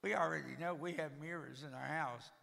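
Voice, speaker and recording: A man's voice: fairly high pitch, brisk, vocal fry, sharp tone, long reverb tail. An older man giving a storytelling talk at a church, with a dry, joking manner. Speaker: guest speaker.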